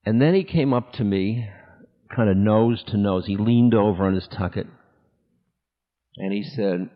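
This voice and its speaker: Man telling a story in a reverberant hall. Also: fairly low pitch. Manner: candid, unhurried, breaks into laughter. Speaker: spiritual teacher. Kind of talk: personal storytelling talk. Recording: tinny lo-fi audio with long hall reverb.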